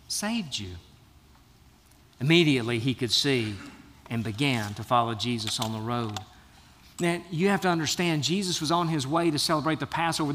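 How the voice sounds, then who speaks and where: A man's voice: high voice, fairly bright tone, long reverb tail. A man preaching a sermon as a pastor, earnest and building to emphatic bursts.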